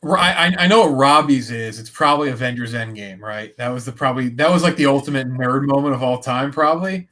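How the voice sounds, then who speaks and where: A man's voice: mid-range voice, fairly quick, few pauses, a bit bright. A man chatting as a panelist on a casual live stream, eager and speaking in loose, rambling phrases.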